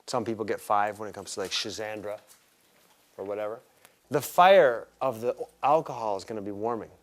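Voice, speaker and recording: A man's voice: on the low side, normal speed. A man teaching a live herbalism class, talking casually and with enthusiasm, and quizzing his students.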